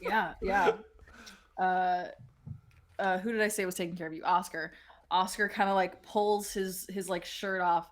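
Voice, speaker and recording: A woman's voice: lowish voice, fairly even intonation, unhurried. A woman narrating a tabletop game as game master, playful and rambling, often breaking into laughs.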